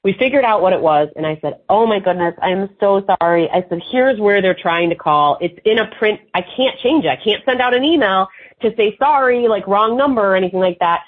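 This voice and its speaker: A woman with a husky, breathy voice tells lively anecdotes as an interview guest, jumping into quoted voices as she goes. The sound is thin and tinny, like a phone line. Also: medium pitch, a little fast. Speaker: marketing expert guest. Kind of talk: casual interview storytelling.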